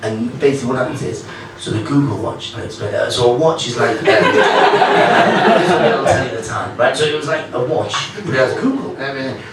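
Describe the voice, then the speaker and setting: A man performing a stand-up comedy set, chatty and animated, acting out characters in silly voices. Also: mid-range voice, brisk, hardly any pauses, far from the mic. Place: comedy club stage. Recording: echoey club mic with audience laughter. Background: audience laughter.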